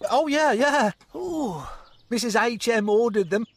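A man's voice: extremely high pitch, lively intonation, unhurried, slight background noise, full character voice. A man voicing a clumsy, cheerful male apple farmer in a cartoon who laughs a lot and stammers when flustered. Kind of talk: cartoon voice acting. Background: loud background music.

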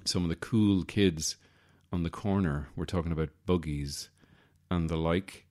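Speaking a little slowly in a warm, very deep low voice, this man hosts a comedy podcast. His talk wanders through one aside after another with wry self-deprecation, and he frequently stops to correct himself.

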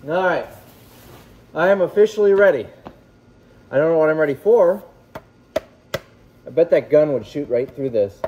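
A man's voice: on the high side, lively intonation, moderate pace, pauses often, darkish tone, highs cut off, slight background noise. A man giving casual, joking commentary while unboxing items for resale, thinking aloud as he goes. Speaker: reseller vlogger.

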